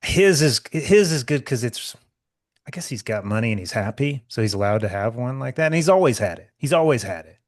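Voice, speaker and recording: A man's voice: mid-range voice, animated, a little fast, dry recording, studio quality. Rambling man with a slight Southern drawl. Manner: rambling, emphatic, profane. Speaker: podcast co-host. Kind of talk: casual podcast banter.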